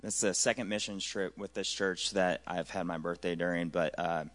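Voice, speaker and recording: A man in his thirties with a low, flat voice shares trip stories at church. He tells them in a casual, joking way. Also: moderate pace. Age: 30s. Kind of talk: church testimony.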